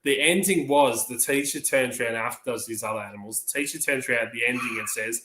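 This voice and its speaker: A man's voice: mid-range voice, fast, hardly any pauses, bright, forceful tone. A man co-hosting a casual livestream, a jokey storyteller who tells one joke after another. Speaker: livestream co-host. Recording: roomy echo.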